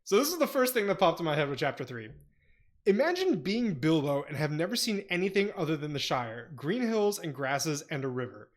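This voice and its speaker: A man's voice: fairly high pitch, very animated, brisk. A young man co-hosting a casual book club podcast, joking in a mock-solemn way and reading summaries in a steadier voice. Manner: reads synopsis in a quieter, steadier voice. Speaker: podcast co-host.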